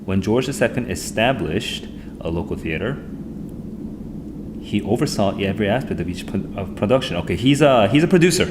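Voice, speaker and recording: A man streaming live as an SAT tutor, thinking aloud in an excitable, rambling way as he walks through test questions at his computer. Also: fairly low pitch, normal speed, noisy background.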